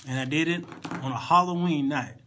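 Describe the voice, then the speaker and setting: A man teaching a Sunday school lesson in a loose, conversational way, often restarting his words and joking with his listeners. His voice sits a little high for a man. Faint noise can be heard behind him. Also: a little fast, bright, forceful tone, low-quality recording. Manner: playful asides to online listeners. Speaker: Bible lesson host.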